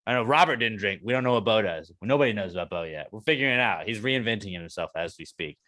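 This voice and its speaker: A man's voice: fairly low pitch, lively intonation, quick pace, pushed and bright, no echo. A man co-hosting a podcast, joking and rambling in crude banter and reading a sponsor spot. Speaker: podcast co-host. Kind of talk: casual chat and read ad.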